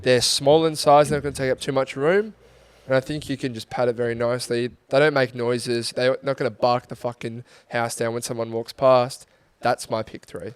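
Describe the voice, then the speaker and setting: A man's voice: mid-range voice, flat delivery, moderate pace, clean tone, no room sound. A young man, co-hosting a podcast in easygoing, joking casual chat. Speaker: podcast co-host.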